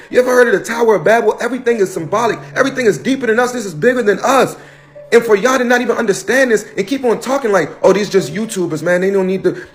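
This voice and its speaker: A man from the United States delivering a heated social media rant, preachy and repetitive, firing off rhetorical questions. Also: sits high.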